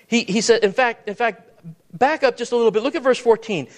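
A man's voice: high-pitched, animated, brisk. A man preaching a sermon, with many questions to the listeners and repeated words.

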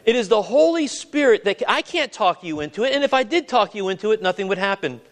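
A man's voice: high-pitched, lively intonation, fast. A man preaching a sermon, earnest and conversational, often restarting his words and asking the congregation questions.

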